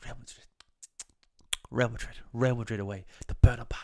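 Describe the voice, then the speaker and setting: A man putting on an accented impression of a soft-spoken football manager who speaks in a breathy near-whisper and keeps repeating himself. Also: medium pitch, fairly even intonation, a little fast, dry recording, close to an everyday voice. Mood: hushed.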